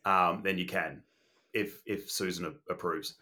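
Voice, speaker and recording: A man's voice: sits low, steady tone, a little slow, sharp tone, full character voice. A man with an Australian accent mockingly voicing a male committee spokesman with evasive, placating bureaucratic patter. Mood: mock placating. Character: smarmy male committee spokesman dodging blame.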